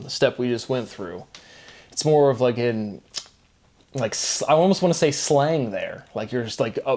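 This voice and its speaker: A man's voice: medium pitch, a little mellow. A man hosting his own channel, talking alone in a loose, rambling monologue about word logic, full of fillers and self-corrections. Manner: loose, filler-heavy, wordplay-driven musing. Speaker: solo channel host.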